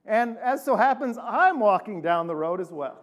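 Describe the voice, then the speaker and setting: A man, a pastor, preaching a sermon and telling a story with lively acted-out voices. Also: high-pitched, moderate pace, lo-fi sound. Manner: animated storytelling, acting out quoted voices.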